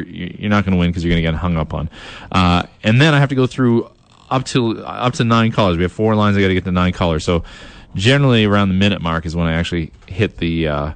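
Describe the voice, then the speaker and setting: A man's voice: on the low side, clear, resonant tone, dry recording. A young man hosting a radio show, chatting casually, rambling with lots of fillers and self-deprecating asides. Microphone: studio mic.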